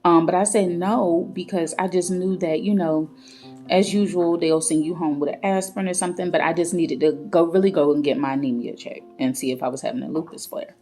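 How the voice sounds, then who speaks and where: A woman's voice: lowish voice, fairly even intonation, fairly quick. A woman, chatting through a personal story and acting out the people in it. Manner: chatty, retelling with quoted dialogue. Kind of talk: casual storytime vlog. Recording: faint guitar music behind. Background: soft guitar music.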